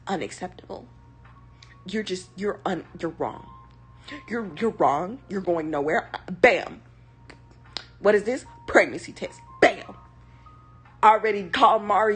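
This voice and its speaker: Breathy, sassy young woman ranting. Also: mid-range voice, expressive, unhurried, long pauses, soft background music. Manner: sassy, slangy, rambling commentary. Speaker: streamer. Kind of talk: casual chat.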